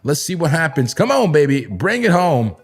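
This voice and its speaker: A young man runs a live trading stream with loose, slangy banter. His voice sits a little high, and he often breaks into laughter or sudden shouts while talking to his chat. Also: sing-song, normal speed, husky, faint music behind. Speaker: crypto trading livestream host. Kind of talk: hyped live trading commentary.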